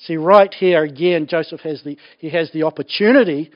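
A man preaching a sermon in an animated, joking way, laughing often. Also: on the high side, fairly quick. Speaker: pastor. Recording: dull lo-fi recording.

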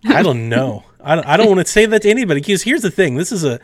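A man hosting a casual podcast, rambling and acting out his friends' lines in quick voices. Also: a little high, big pitch swings, no room sound, clean studio sound. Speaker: podcast host.

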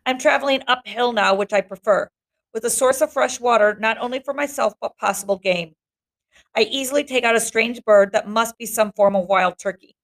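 Creaky-voiced woman teacher reading aloud. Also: on the high side, a little fast. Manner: chatty asides between passages. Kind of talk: reading a novel aloud to students.

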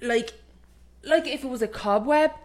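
A woman's voice: high-pitched, measured pace. A young woman with an Irish accent, co-hosting a podcast and telling a ghost story in casual chat, acting out the voices and saying "like" a lot. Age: young adult. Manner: animated storytelling, acts out voices, heavy 'like' filler. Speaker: podcast co-host.

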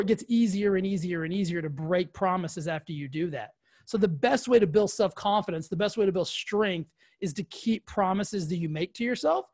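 High-voiced, energetic male motivational coach. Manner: energetic, emphatic, repetitive. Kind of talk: motivational talk to camera. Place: indoors, filmed for video.

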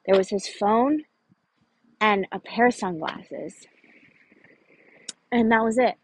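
A woman's voice: mid-range voice, slow pace, a little mellow, a little hiss or hum, rough recording. A woman telling a true personal story in an earnest, conversational way, often saying "like". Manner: earnest, conversational, frequent "like" fillers.

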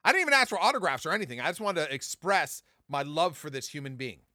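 A man in his thirties from Southern California, casually telling profane stories on his podcast with big jumps in pitch. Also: big pitch swings, fast, pushed and bright, no room sound, studio quality. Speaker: podcast host. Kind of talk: casual storytelling.

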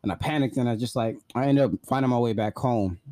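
A man's voice: mid-range voice, fast talker, warm tone, no echo, studio quality. A man casually telling a personal story, blunt and profane, full of "like" fillers.

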